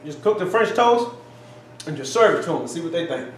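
Man, excitable, folksy, home kitchen, slightly high pitch, faint background hum. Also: a little fast. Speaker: cooking channel co-host. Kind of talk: casual taste-test chat. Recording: echoey kitchen, faint ambience.

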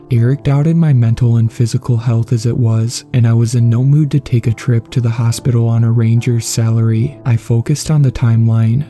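A man's voice: medium pitch, mellow. A man narrating a first-person horror story and voicing the dialogue of both characters himself. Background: faint background music.

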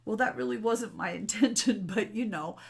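Gravelly-voiced woman rambling candidly. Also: medium pitch, moderate pace. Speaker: spiritual vlogger. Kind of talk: unscripted solo talk to camera. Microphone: camera mic.

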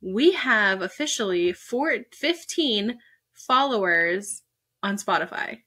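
Woman podcast co-host, giggly and chatty, slow talker. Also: medium pitch, lively intonation, bright, forceful tone, breathy edge. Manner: giggly, chatty, self-interrupting. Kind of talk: casual podcast chat.

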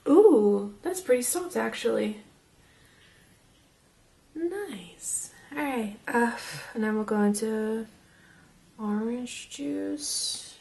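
A young woman casually reviewing makeup as she swatches it, chatty and excitable and half losing her voice. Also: a little high, extremely slow, gravelly, long pauses. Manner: chatty and excitable, drops to whispers. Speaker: beauty vlogger.

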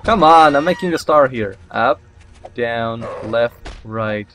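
Excitable man commentating a game. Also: medium pitch, slow pace. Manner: excitable, talks to the game characters, mild swearing, laughs at himself. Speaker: let's play host. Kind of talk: casual gameplay commentary.

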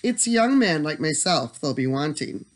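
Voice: mid-range voice, sing-song, moderate pace, natural voice. A storyteller voicing a scheming, selfish young man in a bedtime storybook reading, with a sneering, greedy manner.

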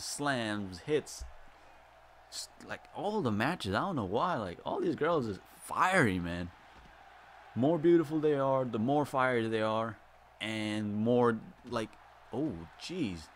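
Excitable man calling a game match. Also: mid-range voice, takes it slowly, a little hiss or hum. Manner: playful, with sudden loud exclamations and laughs. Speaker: gamer commentating a wrestling video game match. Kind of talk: excitable play-by-play commentary. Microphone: very close to the mic.

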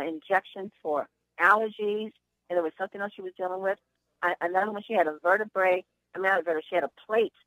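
A woman's voice: mid-range voice, a bit bright, no room sound, rough recording. Woman host on a conference call, chatty anecdotes, upbeat sales pep talk, dry close sound. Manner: chatty storyteller, upbeat encouragement.

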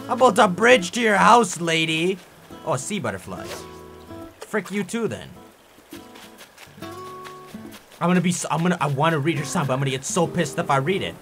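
A young man giving casual gameplay commentary, ranting in an animated, theatrically angry way. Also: on the high side, moderate pace, pauses often. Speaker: gaming YouTuber. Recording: faint music behind.

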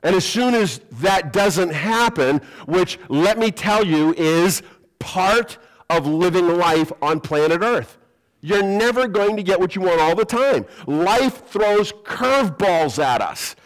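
A man preaches to his congregation with an animated storytelling manner. He acts out little quoted voices and jokes along the way. His voice sits a touch higher than most men's. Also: slow, low-quality recording. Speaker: pastor. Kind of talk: sermon. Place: church sanctuary.

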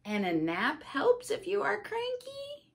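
A woman voicing a cheerful, excitable little pig from a picture book, with a bubbly, bouncy manner. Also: extremely high pitch, takes it slowly, creaky, pitched above the performer's own voice, full character voice. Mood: eager.

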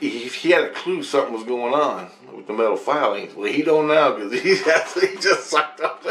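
A man's voice: medium pitch, a bit bright. A man telling a rambling spiritual story, swearing and chuckling often as he goes. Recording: echoey room with faint noise.

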